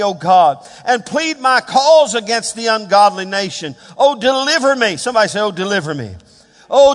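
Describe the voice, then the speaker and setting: A pastor preaches a sermon, his voice sitting high as he sinks to hushed murmurs and then rises into loud, fervent shouts of scripture. A large hall's long reverb surrounds him.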